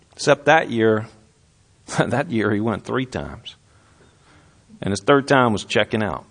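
A middle-aged man preaching a sermon, shifting between relaxed talk and scripture readings. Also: mid-range voice. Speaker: pastor.

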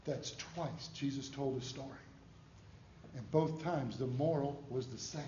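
An older man preaching a storytelling sermon in a folksy, humorous, animated way. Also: medium pitch, a little slow, reverberant, dull audio, slight background noise.

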